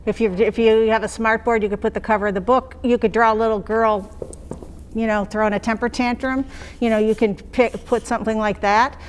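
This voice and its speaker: A woman's voice: a little high, fairly even intonation, fairly quick, slight background noise. Woman talking teachers through phonics. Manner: conversational, checks in with "okay?". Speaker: teacher trainer. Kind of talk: explaining classroom phonics practice.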